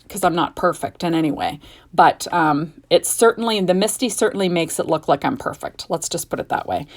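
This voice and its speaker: A woman's voice: on the low side, gravelly. A middle-aged woman hosting a casual card-making tutorial at home, chatty and gushing, with rambling asides. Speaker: card-making video host. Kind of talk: casual craft tutorial chat.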